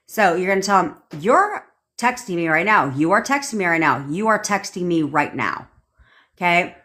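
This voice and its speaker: A woman's voice: lowish voice, fairly bright tone. Blunt, swearing woman coach. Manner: blunt and commanding, swears often. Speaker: manifestation coach. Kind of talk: livestream pep talk. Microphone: phone.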